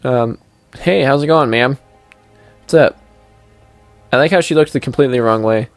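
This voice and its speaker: A man's voice: mid-range voice, moderate pace, dry recording, soft background music. A young man talks through a stealth game at home in casual, rambling let's-play commentary. He is chatty and goofy, slipping into playful sing-song asides, with an ordinary mid-range voice. The sound is dry and close on a desk microphone. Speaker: gameplay commentator.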